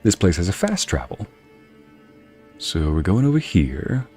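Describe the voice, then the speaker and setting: Male game streamer, deep voice, very expressive, wry. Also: a little slow, faint music behind. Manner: animated, wry, talking to himself. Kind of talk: gameplay commentary.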